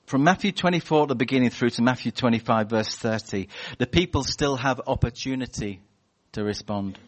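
A man preaching a sermon in a church, animated and chatty, telling stories and acting out voices. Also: mid-range voice, fairly quick. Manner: animated, storytelling with acted-out voices.

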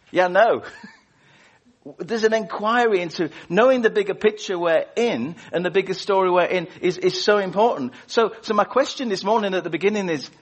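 A man's voice: sits high, normal speed. Man preaching conversationally. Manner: informal, conversational, asks the congregation questions. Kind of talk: prayer and sermon. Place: church service.

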